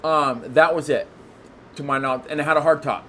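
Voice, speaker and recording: A man who is a guest on a podcast, telling a long story in casual chat, excitable and rambling, with lots of restarts. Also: a little high, brisk, slight background noise.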